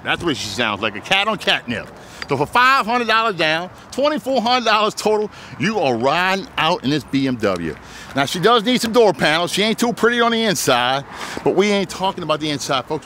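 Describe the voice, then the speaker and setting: A man, a used car dealer giving a joking, folksy sales pitch while walking around his lot outdoors. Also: pushed and bright, a little hiss or hum.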